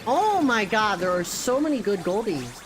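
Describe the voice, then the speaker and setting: A young man chatting excitedly while streaming a video game, with sudden jumps in pitch. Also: moderate pace, over music. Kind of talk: casual gameplay commentary.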